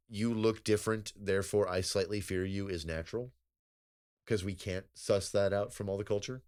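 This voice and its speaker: A man with a very low voice co-hosts a podcast, talking loosely and profanely with frequent laughter. His delivery rambles through tangents. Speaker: podcast co-host. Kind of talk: casual chat.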